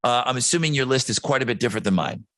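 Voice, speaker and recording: A man co-hosting a podcast, chatting casually about movies in an opinionated, animated way, swearing for emphasis. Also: mid-range voice, racing. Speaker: podcast co-host.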